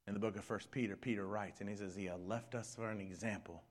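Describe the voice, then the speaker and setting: A man preaching a sermon, swinging between hushed whispers and shouted peaks. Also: fairly low pitch, fairly quick. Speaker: pastor.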